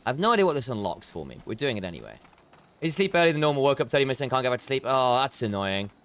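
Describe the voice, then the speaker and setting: A man's voice: mid-range voice, sing-song, very fast, a bit bright. Man chatting while streaming a game. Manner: chatty, talks to viewers between game actions. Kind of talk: casual chat while gaming.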